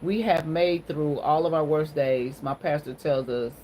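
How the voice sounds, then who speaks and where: A woman's voice: low voice, fairly even intonation, a little slow, dark tone, slight background noise, rough recording. A woman hosting a casual livestream on her phone, greeting viewers and talking in an encouraging, sermon-like way. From Ohio. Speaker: livestream host.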